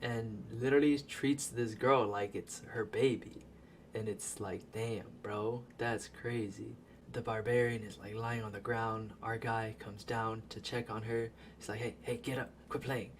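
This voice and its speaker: A man giving a casual, profane recap of a movie as a voice-over, animated and laughing as he tells it. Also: on the low side, a little slow, a little hiss or hum. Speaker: video creator.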